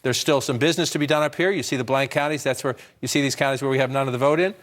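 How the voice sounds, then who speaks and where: A man rattles through vote margins at a rapid clip, explaining as he goes and correcting himself mid-sentence. He speaks as an on-air election analyst in a TV news studio, with a mid-range voice. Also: mid-range voice, fairly even intonation. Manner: brisk, explanatory, thinks aloud with restarts. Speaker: election analyst at a touchscreen map. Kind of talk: live election-night analysis.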